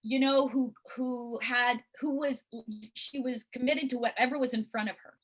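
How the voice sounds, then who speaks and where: A middle-aged woman talking in a casual video-call interview as the guest, rambling and animated with sudden excited rises. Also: sits high, normal speed.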